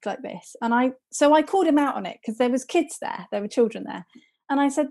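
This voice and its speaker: A woman chatting on a casual podcast, her voice pitched a little high. She tells stories with lively energy and laughs often. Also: fairly quick. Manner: animated storytelling, laughs often. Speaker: podcast co-host. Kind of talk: casual chat.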